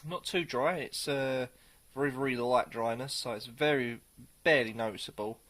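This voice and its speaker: A man giving a casual, rambling beer tasting review, pausing often as he thinks aloud. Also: medium pitch, fairly bright tone. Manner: rambling, hesitant, many pauses.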